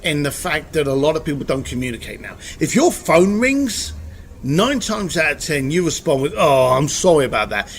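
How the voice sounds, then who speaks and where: A blunt man talking casually as an interview guest, his voice sitting a bit high for a man and swinging widely in pitch as he tells his stories. He is frank and lively, never stiff, and drops the occasional swear word. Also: moderate pace, a little hiss or hum. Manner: blunt, animated storytelling with profanity.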